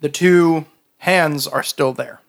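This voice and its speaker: A man running a tabletop game as game master, narrating scenes slowly with pauses and fillers. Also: a little high, gravelly. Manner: slow, halting descriptive narration with fillers.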